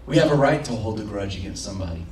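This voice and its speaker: A man's voice: fairly low pitch, expressive, racing, slight background noise. A man preaching a sermon as pastor, passionate and acting out prayers and imagined quotes, recorded in a church. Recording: roomy, from a distance.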